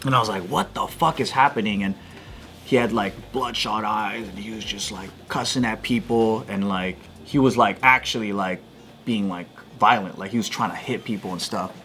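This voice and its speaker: A man co-hosting a casual podcast, telling a story in an animated way, swearing freely and acting out the shouts. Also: on the low side, normal speed, a little hiss or hum. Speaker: podcast co-host.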